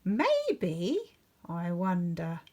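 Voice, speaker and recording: A woman voicing an excitable, scatty female witch who shouts her spells with gusto. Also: lowish voice, extremely slow, full character voice. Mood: thinking aloud.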